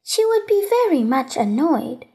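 A small boy prince from a storybook, wistful and earnest, his thoughts turning over slowly, as a woman reads him. The voice sits high and moves in wide, lilting swings. Each phrase is drawn out at an unhurried pace. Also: very animated, creaky, mellow, exaggerated voice.

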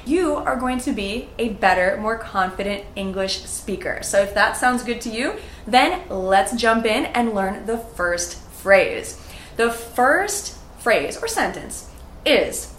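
Upbeat woman teaching slow, clear English. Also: on the high side, animated, fairly bright tone. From North America. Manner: upbeat, slow and deliberate, models phrases for repetition. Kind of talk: enthusiastic language lesson. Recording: echoey room, faint ambient noise.

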